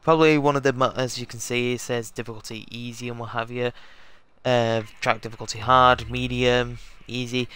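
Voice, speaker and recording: A man's voice: medium pitch, little pitch movement, moderate pace, bright, forceful tone, smooth. A man casually chatting to his viewers as he sets up a live game stream, rambling and correcting himself as he goes.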